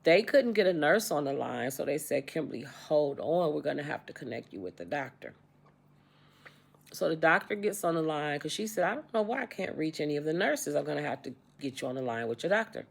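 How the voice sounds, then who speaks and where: In a relaxed vlog, a woman in her sixties from the United States retells a personal story with lots of repetition, performing the quoted lines with animation. She talks briskly in a low, creaky, husky voice.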